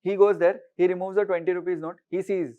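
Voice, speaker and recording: A man's voice: high-pitched, flat delivery, fast, mellow, muffled recording. A man with an Indian English accent teaching an exam-prep economics lecture, explaining through everyday market stories and slipping Hindi words in. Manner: mixes Hindi words into English, asks "right?" often.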